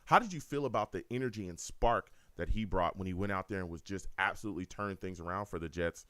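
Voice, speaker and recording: A man's voice: deep voice, fast talker, dry recording. A man hosting a live call-in sports talk stream, talking in an emphatic way. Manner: animated, emphatic. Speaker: host.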